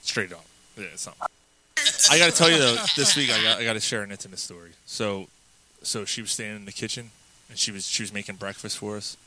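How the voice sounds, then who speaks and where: A man's voice: lowish voice, fast talker, rough recording. A man co-hosting a podcast, trading crude, profane jokes and sports rants in casual banter. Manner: loud, profane, tells raunchy jokes. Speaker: podcast co-host.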